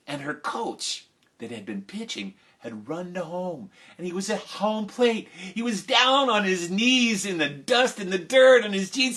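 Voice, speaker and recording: A man telling a story to children live, animated, swinging between loud cheering and hushed asides. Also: sits high, unhurried.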